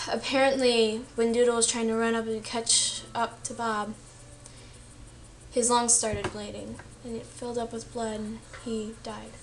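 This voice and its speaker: A woman's voice: on the high side, little pitch movement, unhurried, slight background noise. A young woman casually retelling a story she read, chatty and full of fillers, acting out the quoted lines. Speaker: student vlogger.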